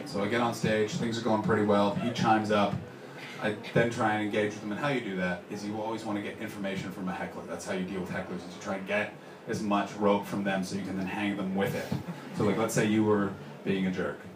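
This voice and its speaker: A man from Canada performing a stand-up comedy set, telling a story and acting out the people in it with sudden shouted lines. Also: fairly low pitch, level tone, quick pace, background noise. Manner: storytelling, acts out characters with shouted bits. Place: comedy club stage with audience. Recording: roomy live club sound from far off.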